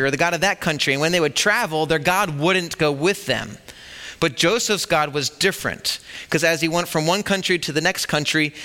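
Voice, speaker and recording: A man's voice: fairly high pitch, bright, forceful tone. A man preaching a sermon at a church service, talking conversationally and asking the congregation rhetorical questions. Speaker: pastor.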